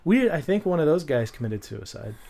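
A man co-hosting a podcast, talking casually and excitedly, swearing and restarting his sentences. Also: mid-range voice, a little fast, creaky. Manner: animated, swears, many restarts. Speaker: podcast co-host. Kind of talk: casual chat.

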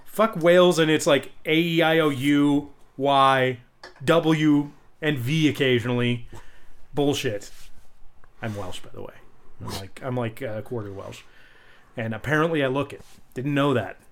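A man's voice: medium pitch, measured pace. A man co-hosting a podcast, chatting casually with a profane, joking, rambling manner. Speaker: podcast co-host.

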